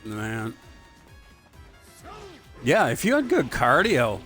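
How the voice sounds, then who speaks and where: A man who talks slowly and loosely about whatever pops into his head. He wanders off topic in a crude, offhand way, with faint music playing underneath. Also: mid-range voice, huge pitch swings, a bit bright. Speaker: gaming video host. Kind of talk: rambling let's play commentary.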